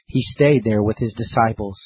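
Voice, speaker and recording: A man reads scripture in a steady, measured way, his voice husky and a little breathy. The recording is dry and close, with a slightly dull, muffled top end. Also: lowish voice, no echo. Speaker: scripture reader. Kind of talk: scripted Bible reading.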